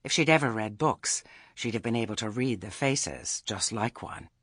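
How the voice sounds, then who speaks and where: A man narrating an audiobook in a measured, expressive storytelling manner. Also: fairly low pitch, slightly rough, no echo, studio quality. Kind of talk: scripted narration.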